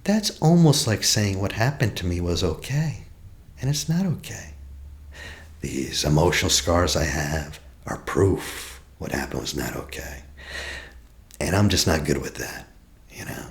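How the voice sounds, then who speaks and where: An attachment healing practitioner in his forties gives a reflective teaching talk, posing questions and often dropping to a soft whisper. His voice is deep and gravelly, animated, at a measured pace.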